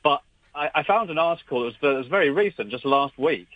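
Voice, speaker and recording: A man's voice: on the high side, expressive, quick pace, dry recording. A man appearing as a regular radio guest, telling a story with many restarts. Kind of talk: radio chat. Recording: dry, dull remote line.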